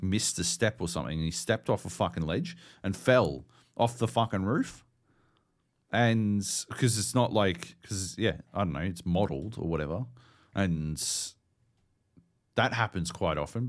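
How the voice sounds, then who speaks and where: A young Australian man co-hosting a gaming podcast, ranting and swearing through an animated story. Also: sits low. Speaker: podcast co-host. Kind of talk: casual chat.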